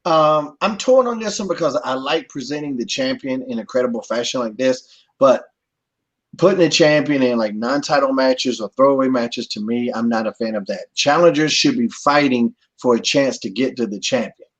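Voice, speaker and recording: Male co-host, husky, dull lo-fi stream audio, laid-back storyteller. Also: medium pitch, normal speed. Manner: storytelling, animated when telling anecdotes. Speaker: wrestling show co-host. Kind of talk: casual panel chat.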